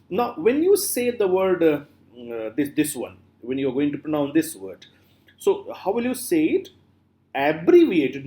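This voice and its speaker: A middle-aged man giving a classroom lecture, slowly repeating words to drill their pronunciation, with many fillers. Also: a little high, warm tone. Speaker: literature lecturer.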